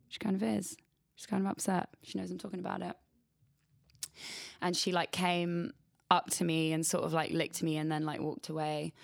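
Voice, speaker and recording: Low gravelly young woman chatting on radio. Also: no room sound, studio quality. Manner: rambling, frequent "like" and swearing. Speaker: radio host. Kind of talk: casual chat. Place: radio studio.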